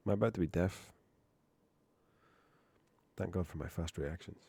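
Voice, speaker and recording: A man's voice: sits low, moderate pace, vocal fry, mellow, breathy edge, dry recording. A male streamer reading course text aloud on a live stream and breaking off into profane, exasperated asides.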